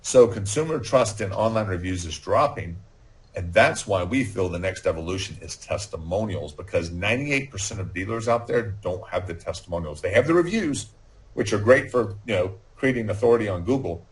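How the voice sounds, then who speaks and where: A man with a fairly low voice speaks as a podcast guest. He talks with confidence, laying out points in a steady pitch while often restarting words mid-sentence. The tone is casual and conversational. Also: fairly quick.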